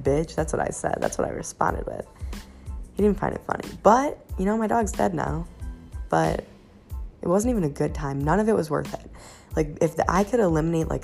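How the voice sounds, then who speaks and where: A young woman talks through a podcast story in a loose, swear-heavy ramble, mocking herself as she goes. Her voice sits low with a gravelly edge. Faint music plays quietly underneath. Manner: profane, rambling, self-mocking. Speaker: podcast host. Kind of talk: casual storytelling monologue.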